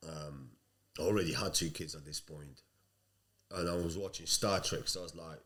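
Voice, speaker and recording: A man with a very low voice tells his story as a podcast guest. He talks casually and bluntly, with plenty of swearing. He sounds like a man in his thirties. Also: normal speed, fairly bright tone, a little hiss or hum. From Sicily.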